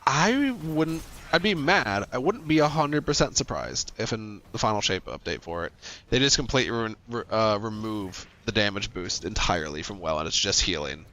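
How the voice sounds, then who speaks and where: A man's voice: lowish voice, expressive, moderate pace, hardly any pauses, a bit bright. A man streaming a game, talking casually with a teammate, joking and laughing often. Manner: chatty, laughs often, jokey. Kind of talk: casual gaming chat.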